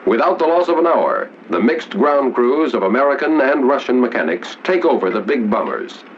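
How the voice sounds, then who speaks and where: A man narrating a 1940s wartime documentary in a measured, formal announcer style. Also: mid-range voice, lively intonation. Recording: dull 1940s film soundtrack with music.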